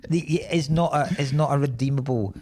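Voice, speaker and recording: A man's voice: mid-range voice, brisk, darkish tone. A man co-hosting a podcast, chatting casually about a film, laughing often and acting out quotes. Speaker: podcast co-host.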